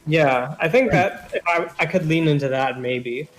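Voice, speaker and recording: A young man co-hosting a podcast, chatting casually in a relaxed, meandering way with frequent "like"s. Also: fairly high pitch, normal speed, low-quality recording. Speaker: podcast co-host. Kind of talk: casual chat.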